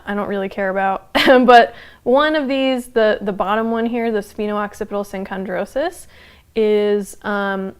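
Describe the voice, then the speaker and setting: A woman teaching a casual live online anthropology lecture, chatty and loose with frequent fillers and quick laughs. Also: a little high, clear, resonant tone. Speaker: anthropology instructor.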